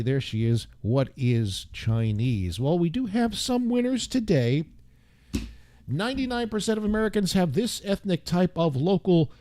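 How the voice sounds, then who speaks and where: A man's voice: a little high, warm tone, dry recording. A man hosting his own show, talking in a casual, rambling monologue full of wry, self-mocking asides. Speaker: radio show host.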